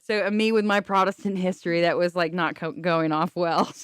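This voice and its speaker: Woman musician guest, from Kansas, chatty and easygoing, smooth tone, dry booth sound. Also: lowish voice, fairly even intonation, fairly quick, dry recording. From Kansas, USA. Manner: chatty, self-deprecating, laughs often. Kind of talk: casual radio interview.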